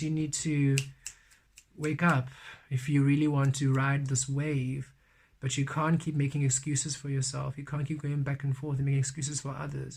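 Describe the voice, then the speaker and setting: Male tarot reader, earnest and stern, slightly high, flat delivery. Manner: earnest, stern spiritual advice, repeats phrases. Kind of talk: weekly tarot reading.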